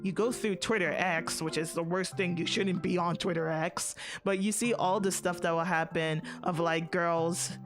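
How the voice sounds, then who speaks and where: A woman's voice: fairly low pitch, steady tone, normal speed, few pauses. A woman streamer telling a story in casual chat, blunt and chatty, swearing freely and laughing often. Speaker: VTuber streamer. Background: faint background music.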